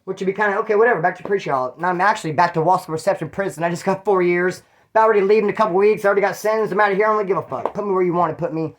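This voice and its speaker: Talking rapid-fire in a high voice, this Californian channel host rambles through prison stories in a casual way. His storytelling is thick with street slang and cursing.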